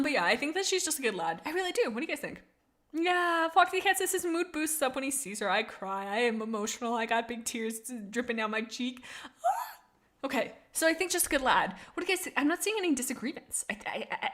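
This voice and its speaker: A young woman streaming casually, chatting with her viewers and gushing about characters she loves. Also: fairly high pitch. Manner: gushing, excitable, reads chat aloud. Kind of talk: casual live-stream chat.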